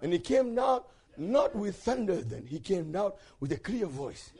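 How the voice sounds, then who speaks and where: A man preaching a sermon with passion, swinging from shouted peaks to hushed low passages and calling out questions to the congregation. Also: sing-song, unhurried, breathy edge.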